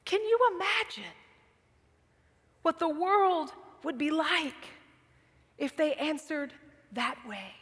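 A woman delivers a sermon in a very high, bright voice. She speaks slowly and dramatically, often dropping to a near whisper. Her voice rings with the long reverb of a large hall. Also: animated. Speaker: preacher.

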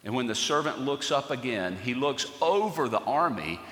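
A man's voice: medium pitch, lively intonation, moderate pace, a bit bright. Man preaching in an echoing hall. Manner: earnest storytelling, rising to fervent emphasis. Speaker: pastor. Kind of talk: sermon. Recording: echoey church hall with long reverb.

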